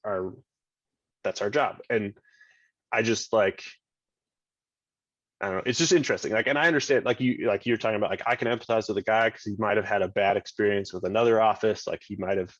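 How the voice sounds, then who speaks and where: A man's voice: on the low side, a little fast, pauses often, no echo. A man telling a story as a podcast guest in a rambling, casual way, full of "like" fillers and restarts. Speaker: podcast guest, state government chief of staff. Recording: dull lo-fi dry sound.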